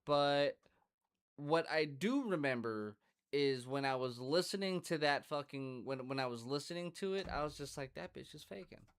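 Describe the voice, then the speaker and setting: A man's voice: fairly high pitch, normal speed, clear, resonant tone. A man hosting a podcast in a casual, rambling monologue, swearing freely and talking to his dog. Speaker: podcast host.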